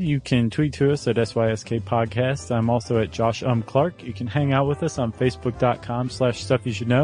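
A man co-hosting a podcast in casual, playful chat, joking and animated. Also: mid-range voice. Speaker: podcast co-host.

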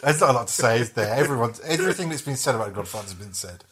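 A man's voice: mid-range voice, expressive, fast talker, fairly bright tone. A man, an actor and comedian, chatting casually as a podcast guest in a meandering, self-interrupting way.

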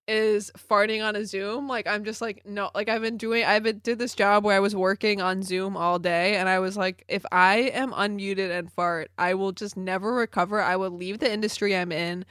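A woman co-hosting a podcast, chatting casually, reacting quickly and laughing loudly. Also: mid-range voice, steady tone, dry recording, studio quality. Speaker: podcast co-host. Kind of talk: casual chat.

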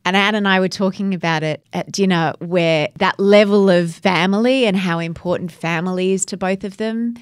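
A woman's voice: mid-range voice, normal speed, hardly any pauses, clean tone, no echo, studio quality. A middle-aged woman co-hosting a podcast, talking in an effusive, emotional, storytelling way. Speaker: podcast co-host. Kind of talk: casual chat.

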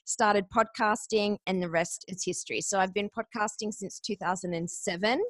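A woman's voice: medium pitch, no room sound. An Australian woman in her forties talks with bubbly, upbeat energy. She explains her work like the seasoned radio announcer she was. The recording is dry and close, with no room sound. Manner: energetic, quick and enthusiastic. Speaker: podcast guest booker. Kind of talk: interview answers.

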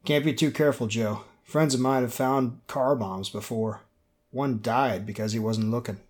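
An earnest, cautious man who speaks calmly and sincerely, as a male narrator voices him. His tone is level and measured, and he sounds close to the narrator's own natural voice. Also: medium pitch, lightly acted.

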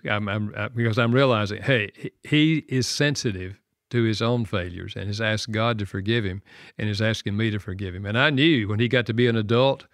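An older man, a guest author on a radio talk show, telling a personal story in an earnest, soft-spoken way and laughing at himself. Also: mid-range voice, no echo, studio quality. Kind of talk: conversational storytelling.

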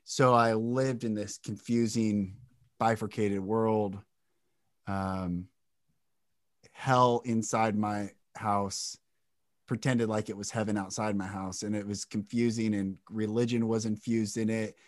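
A man's voice: lowish voice, fairly even intonation, takes it slowly, no room sound, studio quality. A man as a podcast guest, telling an emotional personal story with intensity and swearing freely. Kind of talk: candid interview talk.

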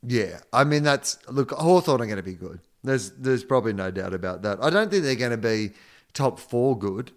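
A man's voice: medium pitch, expressive, moderate pace. Laid-back man chatting footy. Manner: laid-back, rambling, frequent fillers and restarts. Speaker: podcast co-host. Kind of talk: casual sports chat.

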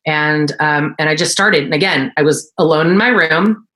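A woman with a low voice tells her story in a relaxed interview. She is in her forties and works as an esthetician. She gets animated and jumps into a higher pitch when she quotes other people. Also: normal speed. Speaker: guest, esthetician and entrepreneur.

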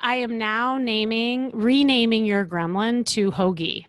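A woman's voice: a little high, fairly even intonation, unhurried, slight background noise. Upbeat encouraging woman coach. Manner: encouraging, upbeat, many fillers. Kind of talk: coaching session on a podcast.

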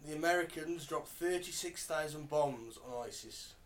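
Quizzing man, slightly high voice. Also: normal speed. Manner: quizzing, fact-dropping. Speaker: podcast co-host. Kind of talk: casual chat.

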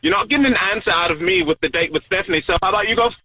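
A man's voice: sits high, expressive, very fast, breathy edge, full character voice. A man putting on a posh English shopkeeper. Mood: snippy. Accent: put-on English. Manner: evasive, mock-polite, ends rude. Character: fake posh English tea shop clerk, man. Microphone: phone. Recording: tinny phone line.

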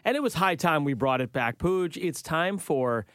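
A man's voice: a little high, expressive, moderate pace, fairly bright tone, no echo. A man co-hosting a radio show, talking in playful, teasing banter from a studio.

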